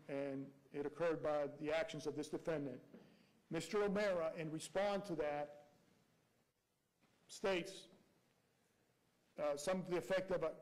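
A man's voice: a little high, darkish tone, poor audio. A man arguing as prosecutor before a judge, reading out quotes and pressing rhetorical questions. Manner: reads quotes aloud. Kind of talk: courtroom argument.

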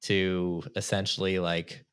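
A man hosts a casual podcast interview in a very low, deep voice. He talks in a laid-back way and keeps checking agreement with a quick "right?". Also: level tone, clear, resonant tone. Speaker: podcast host.

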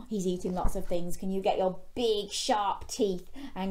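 Slow, gentle woman storyteller. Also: medium pitch, fairly even intonation, slight background noise. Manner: gentle, asks young listeners questions. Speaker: children's storyteller. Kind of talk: bedtime story reading.

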